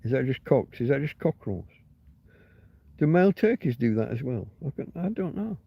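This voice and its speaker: A man's voice: mid-range voice, very animated, normal speed, vocal fry, breathy edge, no echo, highs cut off. A man hosting a casual livestream, rambling and swearing freely as he answers chat comments. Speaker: livestream host.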